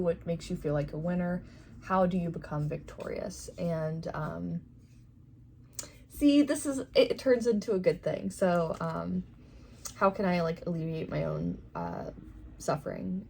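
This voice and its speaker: A young woman with a lowish voice chatting casually on camera, full of "um"s and "like"s and quick to laugh. There is a faint hiss of noise behind her. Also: darkish tone. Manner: chatty, laughs often, many fillers. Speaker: tarot shop owner and vlogger. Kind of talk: casual chat.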